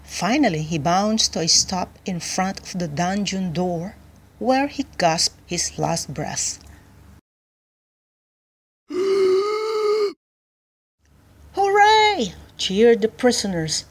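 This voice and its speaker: Slow, clear woman reading a bedtime story. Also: on the low side, slight background noise. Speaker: children's book reader. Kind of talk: bedtime story read aloud.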